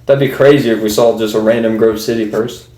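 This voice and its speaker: A man's voice: on the low side, steady tone, fast, dark tone. A young man co-hosting a casual podcast chat, laughing often and mimicking people in his stories. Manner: laughing storyteller, imitates people he met. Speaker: podcast co-host. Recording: roomy echo.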